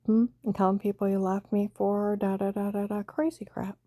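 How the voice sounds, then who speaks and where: A woman's voice: mid-range voice, level tone, moderate pace, mellow, no room sound. An older woman rambling through a personal story, retelling old conversations with many repeats of "I said". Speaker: vlogger telling a personal story.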